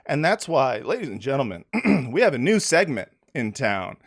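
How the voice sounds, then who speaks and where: A man's voice: medium pitch, moderate pace. A man hosting a podcast in casual, sarcastic comedic chat, with lots of fillers. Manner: sarcastic, animated, filler-heavy. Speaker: podcast host.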